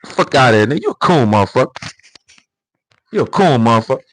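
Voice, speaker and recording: A man's voice: mid-range voice, sing-song, fast, fairly bright tone, rough recording. A man voicing a brash, dismissive man who scoffs, stammers and curses. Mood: scoffing.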